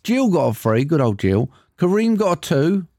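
Bantering British podcast host. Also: male voice, a little high, sing-song, normal speed, darkish tone, dry recording, studio quality. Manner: banter, chuckling, says "mate" a lot. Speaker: podcast co-host running a film quiz. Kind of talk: casual chat.

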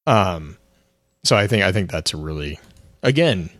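A man co-hosts a podcast in casual chat, rambling and frequently restarting his sentences. His low voice is expressive and fairly bright, at a moderate pace, with clean studio sound and no echo.

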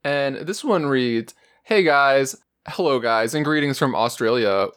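A man on a podcast talks in a loose, rambling way and reads out a listener email. His voice sits at a middle pitch. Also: animated, unhurried, a bit bright. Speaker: podcast co-host. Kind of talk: casual chat, reading listener email.

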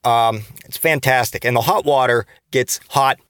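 Speaking at a normal speed in a medium-pitched, slightly bright voice, this podcast host rambles through a profane, sarcastic comedic rant. He often restarts and tacks on trailing asides. The tone is clean, with no room sound.

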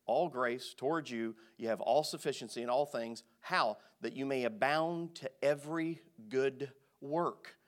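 A male pastor delivering a sermon, speaking emphatically and swinging from quiet asides to loud, stressed phrases. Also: mid-range voice, unhurried, hardly any pauses.

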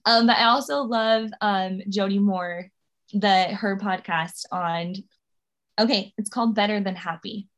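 A woman's voice: mid-range voice, measured pace. Chatty woman guest, candid and upbeat. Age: 30s. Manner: chatty and candid, laughs often. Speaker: podcast guest. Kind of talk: casual interview chat.

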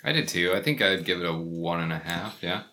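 A man co-hosting a casual podcast who calmly fills in the details. His voice is bright and clear-edged. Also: low voice, a little fast. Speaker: podcast co-host. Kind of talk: casual chat.

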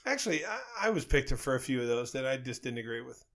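A man of middling pitch co-hosting a podcast, rambling through a crude joke. He chats loosely, drifts off into asides and laughs at his own punchlines. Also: sing-song, quick pace, a bit bright. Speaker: podcast co-host. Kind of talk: casual crude chat and joke telling.

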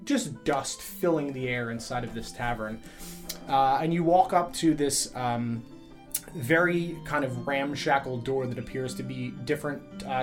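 Game master describing scenes, casual and rambling, with soft guitar in the background. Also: mid-range voice. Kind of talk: narrating a tabletop game.

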